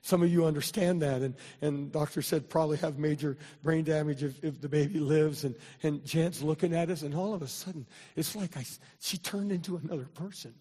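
Older pastor guy preaching, kinda high voice, lots of "and, and", gets shouty, big echoey church. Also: fairly even intonation, a little fast, hardly any pauses, slightly rough. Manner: repetitive restarts, building to loud preaching. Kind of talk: sermon storytelling. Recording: long hall reverb.

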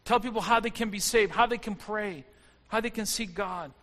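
A man's voice: high voice, moderate pace, a bit bright. A man preaching a fervent sermon, his intensity rising and falling as he speaks. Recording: long hall reverb.

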